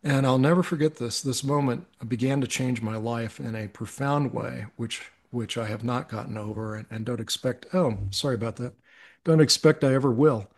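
A middle-aged man with a gravelly, creaky voice tells a personal story as a podcast guest. He speaks earnestly and reflectively, often restarting his sentences, and his pitch sits in a middling range. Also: moderate pace.

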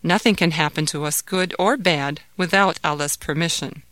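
A woman voicing a gentle, loving mother who soothes her son in a soft, patient way. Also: low-pitched, moderate pace, no room sound. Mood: explaining.

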